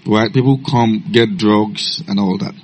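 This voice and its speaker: A man preaching a sermon, telling stories in a low calm voice and breaking into loud shouted commands. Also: a little slow, slight background noise.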